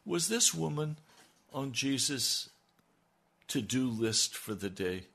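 A man's voice: mid-range voice, lively intonation, slow, vocal fry, sharp tone. A male preacher delivering a sermon with an impassioned, emphatic manner.

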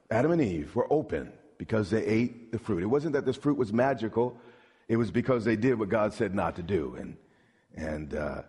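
A man's voice: mid-range voice, a little mellow, slightly rough. A middle-aged man preaching a sermon as pastor, emphatic, with call-and-response questions to the congregation and stammered repeats. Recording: long reverb of a large hall.

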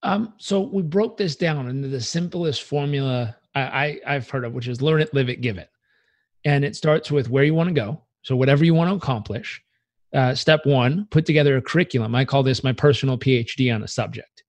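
A man's voice: fairly quick, no echo. A man speaking as a podcast guest, telling reflective stories in an earnest, conversational way and sometimes acting out inner voices. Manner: earnest, acts out inner voices with pitch jumps.

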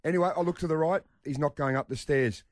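Animated Australian man telling a story. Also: on the high side, fast talker, dry recording, clean studio sound. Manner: animated, acts out the voices in his story. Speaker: radio show host. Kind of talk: telling a personal story on air.

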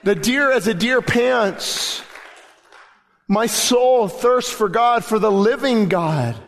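A man preaching a sermon as pastor, with a fervent delivery in a church service that swells to loud, emphatic declarations. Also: sits high, slow. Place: church sanctuary during a service.

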